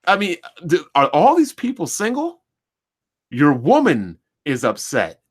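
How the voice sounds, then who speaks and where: Animated man ranting with rhetorical questions. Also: fairly high pitch, measured pace. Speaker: commentary channel host. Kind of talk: opinion rant to camera.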